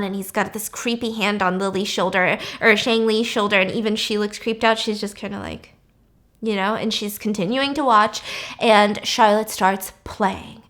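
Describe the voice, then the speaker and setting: A woman vlogger retelling a story casually and expressively, cursing freely. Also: mid-range voice. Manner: expressive, chatty, swears freely.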